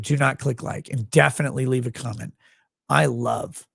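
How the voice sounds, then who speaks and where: A man's voice: medium pitch, steady tone, normal speed, gravelly, breathy edge, no echo, studio quality. A man hosting a livestream, signing off in a blunt, profane, rambling way. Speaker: host. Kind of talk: casual livestream sign-off.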